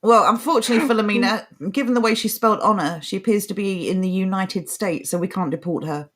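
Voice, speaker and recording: A woman's voice: mid-range voice, fast, a bit bright. Chatty woman co-hosting. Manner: chatty, laughing, trailing off and restarting. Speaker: co-host of a live news-reaction show. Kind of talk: casual live chat, reading viewer comments.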